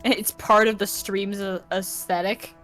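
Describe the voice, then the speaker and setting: A woman's voice: medium pitch, level tone, a little slow, fairly bright tone, soft background music. Rambling woman streamer chatting casually. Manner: rambling, restarts and swears.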